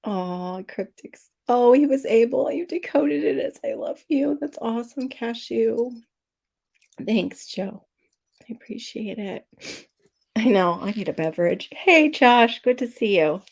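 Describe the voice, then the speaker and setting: A woman's voice: fairly high pitch, a little slow, vocal fry. A middle-aged woman hosting a casual livestream, telling a personal story while teary and sniffling. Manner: emotional, tearful storytelling, sniffling. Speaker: livestream host. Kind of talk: casual livestream chat with viewers.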